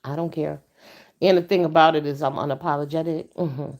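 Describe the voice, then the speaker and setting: A woman hosting a casual livestream chat, blunt and stern, talking back to her viewers. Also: fairly quick. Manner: blunt, profane and stern, with animated pitch jumps. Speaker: livestream host.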